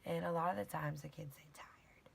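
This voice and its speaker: Young woman, low voice, gravelly fry, rambling vlog recap, swears, slips into whispers, faint background hiss. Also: steady tone, normal speed, poor audio. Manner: rambling, casual, swearing, often drops to a whisper. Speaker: vlogger and fitness instructor. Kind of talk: casual daily recap vlog.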